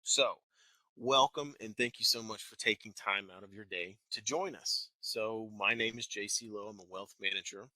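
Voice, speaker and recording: A Texan man in his thirties with a faint twang, a wealth manager, hosts a live webinar from an office building, speaking conversationally and enunciating carefully. His voice is on the low side, moderately paced, pushed and bright. The recording is rough with no echo.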